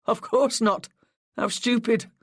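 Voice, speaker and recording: An audiobook narrator voicing Stanway, a senior male police officer, who speaks in a brisk, hearty way. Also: mid-range voice, fairly even intonation, gravelly, no room sound, studio quality, voice pushed up. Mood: relieved.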